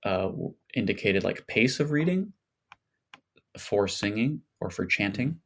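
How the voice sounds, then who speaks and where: A man's voice: lowish voice, animated, measured pace, a bit bright. A man as a podcast guest, explaining things in a casual scholarly way with many fillers and hedges.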